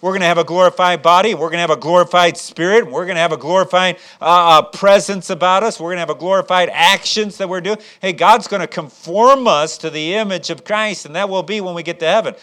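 A man's voice: high voice, quick pace, few pauses, bright, forceful tone. A man preaching a sermon as pastor, with frequent restarts, rhetorical questions and rising emphasis.

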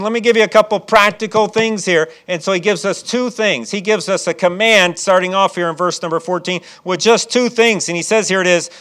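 A man's voice: high-pitched, fairly quick, hardly any pauses, a bit bright. A man from Chicago preaching a sermon as pastor, with folksy asides and frequent restarts.

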